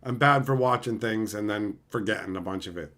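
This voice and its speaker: A man's voice: lowish voice, fairly quick, a bit bright. A man hosting a casual livestream, reading chat aloud in a laid-back, joking way. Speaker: streamer host.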